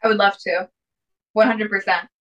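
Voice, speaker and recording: A woman's voice: mid-range voice, fairly even intonation, moderate pace, fairly bright tone, lo-fi sound. A young woman with a lisp, chatting upbeat as a podcast guest with many fillers. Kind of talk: casual interview chat.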